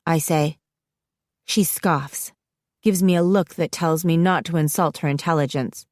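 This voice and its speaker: A woman narrating a first-person novel as an audiobook, expressive and acting out both mother and daughter. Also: sits low, unhurried, no echo, studio quality.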